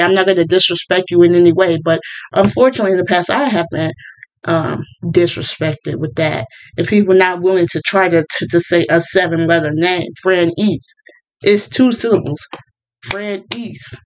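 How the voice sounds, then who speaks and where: A woman's voice: lowish voice, rough recording. Chatty opinionated woman ranting casually. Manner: chatty, opinionated, many fillers and restarts. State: partly deaf. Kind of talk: casual monologue.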